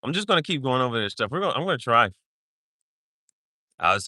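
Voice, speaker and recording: A man's voice: mid-range voice, big pitch swings, quick pace, pauses often, sharp tone, no room sound, clean studio sound. A man hosting a podcast in casual chat, playful and laughing often as he jokingly sounds out foreign words. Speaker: podcast host.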